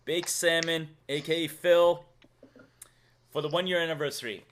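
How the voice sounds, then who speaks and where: A man from Massachusetts with a Massachusetts accent, hosting a casual live stream, playful and quick to laugh as he reads out donations. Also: fairly high pitch, fairly even intonation, fairly bright tone, a little hiss or hum. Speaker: streamer host.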